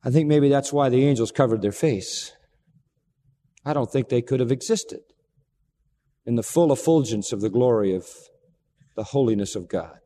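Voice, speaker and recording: A man preaching a sermon, swinging dramatically between loud, raised passages and hushed, low ones. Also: moderate pace, pauses often. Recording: long reverb of a large hall.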